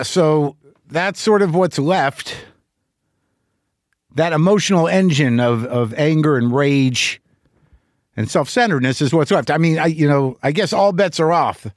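A man's voice: mid-range voice, no room sound. Middle-aged guy rambling on his podcast, swears a lot, restarts sentences, dry close sound. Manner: candid, rambling, profane, with many restarts. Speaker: podcast host. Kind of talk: casual monologue.

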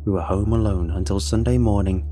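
Brief: low-voiced man, steady dry storytelling narration, faint music behind. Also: a little fast. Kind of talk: first-person story narration.

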